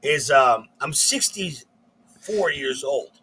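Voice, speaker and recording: Husky, bright-voiced comedian co-host. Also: male voice, mid-range voice, expressive, takes it slowly. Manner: rambling, repeats himself, profane. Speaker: podcast co-host. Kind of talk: crude comedic banter.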